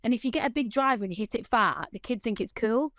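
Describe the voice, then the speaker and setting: A woman with a fairly high voice chats as a podcast guest, telling her stories with lots of energy and frequent laughter. The sound is dry and close, with no room around it. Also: fast talker, dry recording. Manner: lively storytelling, laughs often. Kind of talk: casual chat.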